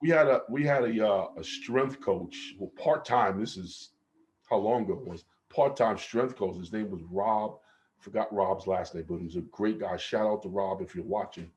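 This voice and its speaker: A man's voice: fairly low pitch, moderate pace, a little mellow, lo-fi sound. A man, a former college basketball player, telling stories on a podcast video call, laughing often and acting out his coaches. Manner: laughs often, acts out coaches' voices with energy. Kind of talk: casual storytelling on a video call.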